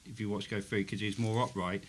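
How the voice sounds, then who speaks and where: Low-voiced boxer breaking down a fight. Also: male voice, level tone, fairly quick, slight background noise. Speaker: boxer co-host. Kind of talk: casual fight analysis.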